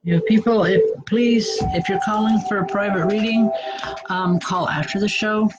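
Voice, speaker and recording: Woman host doing live readings, halting delivery, loud music underneath. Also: medium pitch, steady tone, dull audio. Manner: halting, frequent restarts and self-corrections. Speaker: spiritual reader hosting a call-in show.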